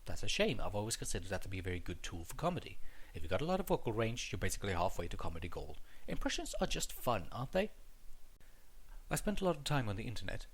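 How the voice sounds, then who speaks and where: A man's voice: lowish voice, slight background noise. A young man reading a scripted stand-up comedy monologue in a wry, joking manner, recorded on a headset mic.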